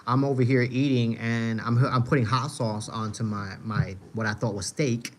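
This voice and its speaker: A man's voice: mid-range voice, steady tone, moderate pace. Young guy streaming, just chatting and telling stories, lots of slang and cussing, mid voice, little bit of hiss in the background. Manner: loose storytelling, answering chat, slangy and profane. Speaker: livestream host. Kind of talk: casual livestream chat.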